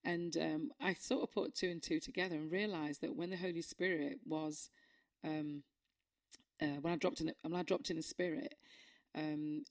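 Low-voiced woman giving testimony. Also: darkish tone. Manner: earnest and emotional, halting with many fillers and restarts. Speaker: churchgoer sharing a testimony. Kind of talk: personal faith testimony.

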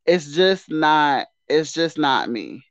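A woman's voice: low voice, lively intonation, slow, no room sound. A woman guest in a casual podcast debate who speaks emphatically and with self-assurance, often repeating her words.

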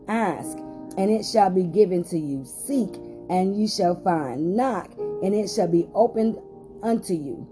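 A woman's voice: mid-range voice, expressive, a little slow, music in the background. A woman pastor hosting a short podcast Bible study, reading scripture aloud with rising emphasis and some hesitant fillers.

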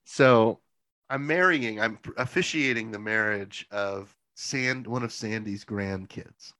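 A man who works in church leadership, chatting casually and telling animated stories, swearing freely and laughing often. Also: fairly low pitch, takes it slowly, no room sound. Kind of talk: casual chat, storytelling.

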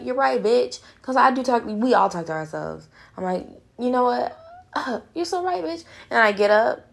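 Gravelly-voiced young woman podcaster, frank and profane. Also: lowish voice. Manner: frank, profane, talks straight to listeners as girl and honey. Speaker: podcast host. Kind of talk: casual motivational monologue.

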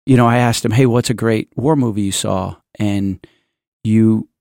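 A man's voice: lowish voice, steady tone, moderate pace, a little mellow, no echo, clean studio sound. A man hosting a casual church podcast, rambling through a story with many restarts and asides. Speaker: podcast host.

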